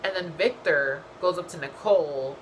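A young woman vlogger recapping a reality show in a casual, gossipy way, blunt and full of swearing and animated asides. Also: deep voice, moderate pace, slight background noise, rough recording.

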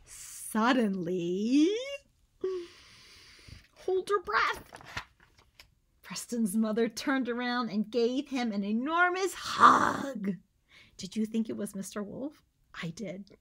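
Woman teacher, children's read-aloud; high, bright, very animated, unhurried. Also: a little hiss or hum. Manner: animated, drops to whispers for suspense; coaxes listeners to join in. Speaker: teacher reading a picture book aloud.

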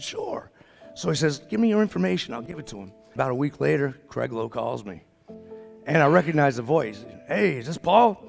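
Speaking at a business summit, a middle-aged man with a New Orleans accent, from that area of Louisiana, spins a folksy tale. His medium-pitched voice carries vocal fry, and he performs the quoted dialogue himself.

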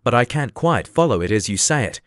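Storybook girl, polite and a bit sharp, male narrator, dry close sound. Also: mid-range voice, sing-song, a little fast, no room sound. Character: curious, polite young girl Alice.

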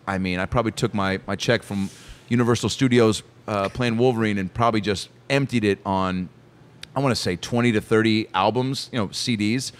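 Animated man telling comedy stories. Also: lowish voice. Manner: animated, swears casually, acts out quotes. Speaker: comedian guest. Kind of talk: casual storytelling chat.

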